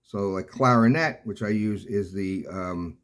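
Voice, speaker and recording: Older man with a low voice, piano lesson. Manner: rambling, halting, many fillers and restarts. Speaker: piano teacher. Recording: loud piano playing throughout.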